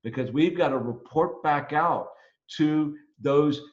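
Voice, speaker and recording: Male lecturer, casual and animated, recorded on dull lo-fi sound. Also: fairly high pitch, slow pace. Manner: casual, animated teaching with fillers and jokes. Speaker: accounting professor.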